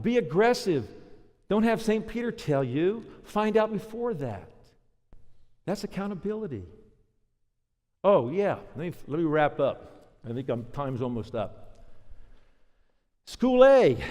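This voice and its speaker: A man delivers a leadership keynote at a conference, mixing anecdotes with punchy short lists. His voice sits a little high for a man, and the sound carries a long hall reverb. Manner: energetic storytelling, punchy lists.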